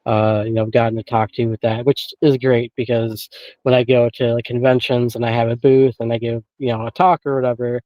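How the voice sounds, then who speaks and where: A man's voice: medium pitch, level tone, brisk, no room sound, muffled recording. A man guesting on an interview and chatting casually about paranormal investigating, rambling with many filler phrases and frequent chuckles, over a remote call.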